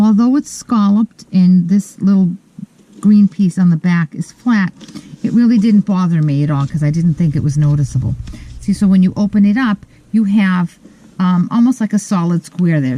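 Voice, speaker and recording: A woman hosting a step-by-step card-making tutorial at her craft desk, talking in a relaxed, methodical way with frequent pauses to think. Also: lowish voice, low-quality recording.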